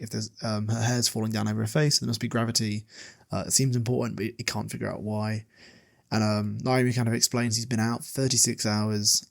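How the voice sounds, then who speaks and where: Man, casual book recap, rambling, laughs a lot, medium pitch. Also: vocal fry. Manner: rambling, laughs often, many fillers. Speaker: podcast host.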